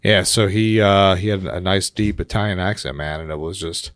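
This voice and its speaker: A man's voice: deep voice, steady tone, normal speed, fairly bright tone, dry recording, clean studio sound. A man chatting casually as a podcast guest, laid-back, laughing often and tacking "man" onto his sentences. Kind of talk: casual chat.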